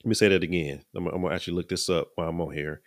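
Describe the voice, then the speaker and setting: Deep-voiced middle-aged man preaching earnestly. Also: fairly even intonation, rapid-fire, no echo, clean studio sound. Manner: earnest, repeats and restarts words. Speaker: podcast host. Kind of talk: casual preaching talk.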